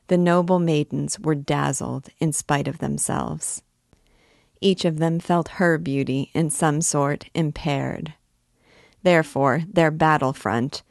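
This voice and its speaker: A woman reading a classic novel aloud in a clear, measured storytelling voice. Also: low-pitched, no echo, studio quality. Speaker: literature teacher reading aloud.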